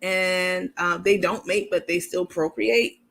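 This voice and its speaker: Pitched on the low side and steady in tone, this woman's voice is slow, with vocal fry and a fairly bright quality. The university-educated adult, who has a New York accent, hosts a chatty, rambling commentary show in casual livestream fashion, reading out viewer comments.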